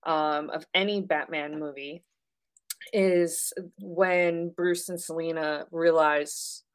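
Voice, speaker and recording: A woman with a notably low voice chatting about films. She gushes with enthusiasm, sprinkling her talk with little ums and uhs. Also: fairly even intonation, slow, clean tone. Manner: enthusiastic, gushing with fillers. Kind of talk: casual film discussion.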